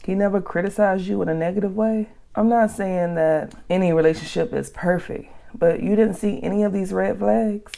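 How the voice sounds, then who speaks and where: A woman hosting a vlog, giving blunt, animated advice with casual slang as she reacts to a reader's post. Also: medium pitch, moderate pace, creaky, hardly any pauses. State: out of breath. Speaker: channel host.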